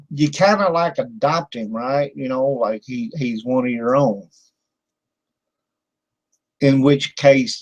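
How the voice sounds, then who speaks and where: A man's voice: medium pitch, darkish tone, no echo, muffled recording. An older man hosting a talk-radio interview in a folksy, rambling way, with lots of fillers and laughter. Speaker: radio show host.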